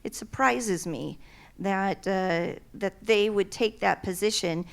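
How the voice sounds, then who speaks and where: A woman's voice: mid-range voice, takes it slowly, vocal fry. A woman in a church audience asks a question, hesitant and full of fillers. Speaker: audience member asking a question. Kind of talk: question from the floor. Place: church hall.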